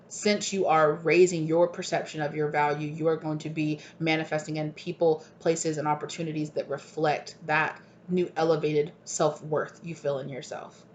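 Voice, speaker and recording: Deep-voiced woman tarot reader, gushing, rambling delivery, muffled home recording. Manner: rambling, gushing, often asks "right?". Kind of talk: channeled collective tarot reading. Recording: dull lo-fi recording, faint hiss.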